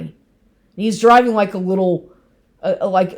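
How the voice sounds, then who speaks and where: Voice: medium pitch, unhurried, a little mellow. A speaker in a rambling vlog monologue, agitated and constantly swearing, with lots of fillers and restarts.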